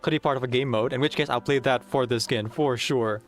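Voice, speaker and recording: A man chatting casually while playing through a game story, excitable and rambling with frequent giggles. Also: medium pitch, a little fast, soft background music. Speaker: game streamer. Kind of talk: casual gameplay commentary.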